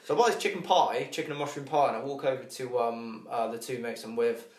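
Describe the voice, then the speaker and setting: A man's voice: medium pitch, fast talker, a little mellow. A man co-hosting a podcast in casual chat, telling a rambling story, swearing a lot and laughing at himself. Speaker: podcast co-host. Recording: echoey room.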